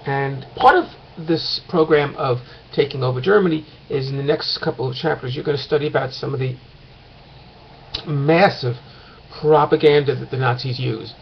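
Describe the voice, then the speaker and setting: A man's voice: medium pitch, a little fast, gravelly, few pauses, highs cut off, slight background noise. A man teaching a course in a casual recorded lecture, talking late at night at home and rambling with many fillers and restarts.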